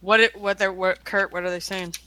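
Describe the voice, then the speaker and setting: Tabletop player, bright voice, eager casual chat. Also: medium pitch, steady tone, a little fast, slight background noise.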